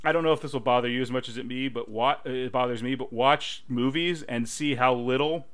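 A man's voice: mid-range voice, a little fast. A man co-hosting a podcast in casual chat, laughing often and acting out quoted lines. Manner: laughing often, quoting lines in animated voices. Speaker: podcast co-host. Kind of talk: casual chat about a sitcom episode.

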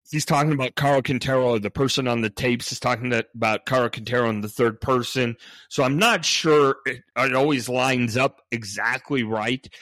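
A man's voice: mid-range voice, a bit bright. A man hosting a podcast in a conversational narrating style, thinking aloud with frequent restarts and fillers. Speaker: podcast host.

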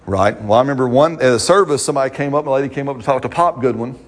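A man's voice: medium pitch, rapid-fire. A man, preaching a sermon as pastor, talking to the congregation in a conversational way and often checking in with "right?".

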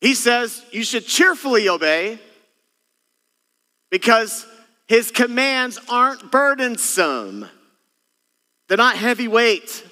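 A man preaching a Christmas Eve sermon, his voice pitched high and ringing bright. He moves with animation from scripture to playful asides, and his words trail off into a long church hall reverb. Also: slow pace, pauses often. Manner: animated preaching, acts out parent and child exchanges. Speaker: senior pastor. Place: church sanctuary.

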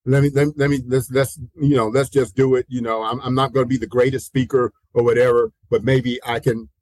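Speaking briskly at medium pitch, a man of about sixty, a pastor on an interview, relates personal stories. He's lively, doing the voices of those he quotes, laughing often partway through, repeating himself, and dropping "you know" often. The recording is low-quality and echo-free.

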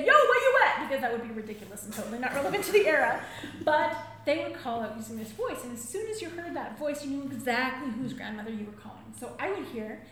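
A woman telling stories to a live audience as a drum circle leader, animated and often laughing as she acts out voices. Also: sits high. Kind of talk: storytelling talk to a live audience. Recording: very echoey room, faint ambience.

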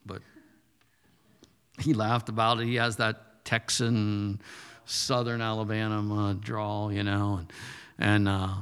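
A man in his thirties preaching in a conversational style, punchy and rising to forceful declarations. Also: lowish voice, level tone, slow pace, long pauses, clear, resonant tone, in a large hall. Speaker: pastor. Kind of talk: sermon.

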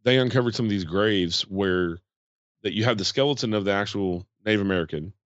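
A man's voice: fairly low pitch, fairly quick, no room sound, muffled recording. A man, chatting casually on a podcast and rambling with many fillers. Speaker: podcast host. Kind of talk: casual chat.

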